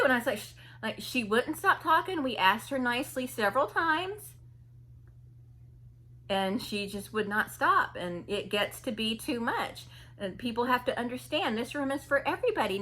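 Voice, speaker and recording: A woman's voice: fairly high pitch, expressive, normal speed, sharp tone, breathy edge. A woman vlogger telling a story casually and animatedly, imitating people and laughing often.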